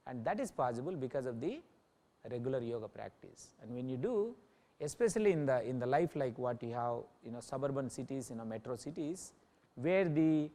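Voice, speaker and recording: A man's voice: mid-range voice, a little mellow. A male yoga teacher giving an informal talk to a class, often checking in with listeners by asking "Okay?". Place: yoga center in New Delhi.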